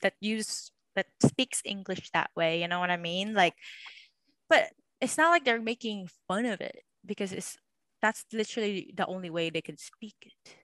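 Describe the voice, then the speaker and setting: A woman's voice: mid-range voice, lively intonation, moderate pace, fairly bright tone, no echo. A young woman from Macau co-hosting a casual podcast, rambling with many fillers. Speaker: podcast co-host.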